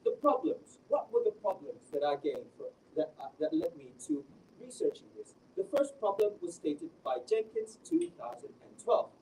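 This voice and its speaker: A young Malaysian man, a teacher trainee, gives an academic presentation of his research, animated and often restarting his sentences. His voice is a little high at a moderate pace, picked up by a distant mic with faint background noise.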